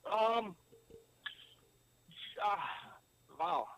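A former pro hockey player from the United States, speaking in a high, fairly bright voice at a very slow pace, tells a long story as a guest in a casual podcast interview. His account wanders with many fillers and asides, and the low-quality recording has slight background noise.

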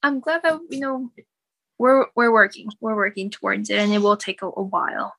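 Female co-host, bright, dry close sound, earnest and supportive. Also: mid-range voice, normal speed, gravelly, no echo. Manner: supportive, earnest, hesitant with fillers. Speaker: podcast co-host. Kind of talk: casual chat.

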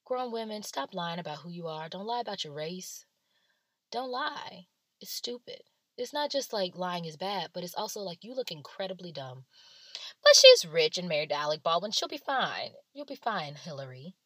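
A woman's voice: fairly low pitch, sing-song, moderate pace, fairly bright tone, dry recording. A woman giving casual, blunt and sarcastic celebrity gossip commentary.

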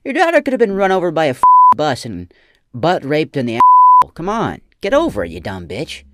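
A man putting on a loud, crude, mocking impression of a male motivational speaker. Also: fairly high pitch, huge pitch swings, moderate pace, slight background noise, full character voice. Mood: yelling.

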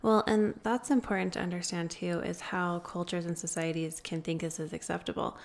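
A woman guest telling a long story in an interview, earnest and pausing often with fillers. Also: fairly low pitch, flat delivery, vocal fry. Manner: earnest, many filler pauses. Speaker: guest, founder of an anti-trafficking group.

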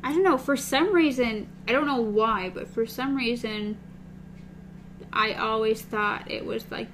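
A woman's voice: on the high side, unhurried, fairly bright tone, a little hiss or hum, poor audio. A woman co-hosting a casual book discussion, recapping and reading passages aloud.

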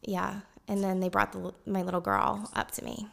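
A woman appearing as a guest tells a personal story in conversation, animated and laughing often. Her mid-range voice is gravelly and moves at a normal speed.

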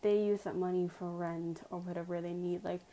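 A woman's voice: lowish voice, flat delivery, fairly quick, mellow, rough recording. A woman telling a personal story to her viewers in a casual, emphatic way, full of "like" fillers and direct appeals.

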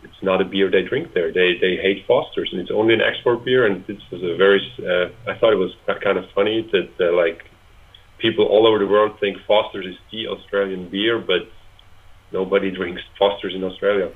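A man's voice: low-pitched, steady tone, a little fast. A man in his twenties from Switzerland, a guest chatting casually in an interview, hesitant with many fillers and restarts. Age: 20s. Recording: tinny phone-like line.

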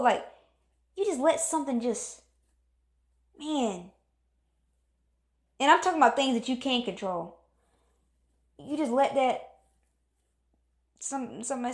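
Woman, casual motivational talker, earnest and repetitive, a bit high, echoey room. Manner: earnest, repetitive, encouraging, acts out moods. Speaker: motivational speaker.

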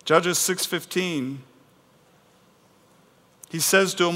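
Animated preacher in a reverberant hall. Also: male voice, sits high, takes it slowly, pauses often. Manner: animated preaching, acts out biblical voices, swings loud and soft. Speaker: pastor. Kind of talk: sermon.

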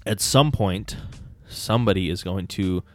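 Deep-voiced earnest man, rambling. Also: unhurried, soft background music. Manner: rambling, frequent "like" fillers, earnest. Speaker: podcast host. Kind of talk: casual faith podcast conversation.

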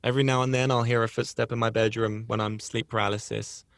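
Gravelly-voiced man telling a personal story. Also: mid-range voice, level tone, fast, fairly bright tone, no echo. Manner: rambling, earnest, with frequent restarts. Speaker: podcast host. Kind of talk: casual storytelling.

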